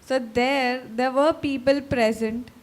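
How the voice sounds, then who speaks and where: A woman's voice: sits high, fairly even intonation, slow. A woman at a retreat asking the preacher a question, checking in with "right?" as she goes.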